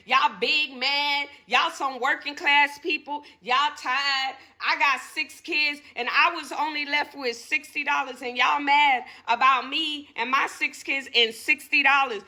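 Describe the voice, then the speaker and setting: Woman vlogger, high and piercingly bright, mocking and dismissive. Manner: mocking, talks to viewers as y'all. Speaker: mother of six. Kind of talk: casual vlog rant.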